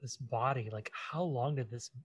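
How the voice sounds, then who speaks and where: A man co-hosting a podcast in casual chat, cracking deadpan jokes in a relaxed way. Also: medium pitch, normal speed, husky, dry recording, low-quality recording. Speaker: podcast co-host.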